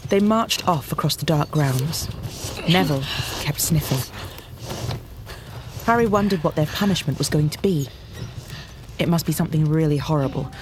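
A man narrating a children's storybook in a measured, expressive reading. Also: on the high side, noisy background. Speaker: audiobook narrator.

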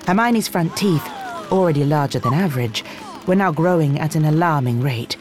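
A narrator reading a novel aloud at a middling pitch, steady and expressive. Faint music sits underneath. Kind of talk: audiobook reading.

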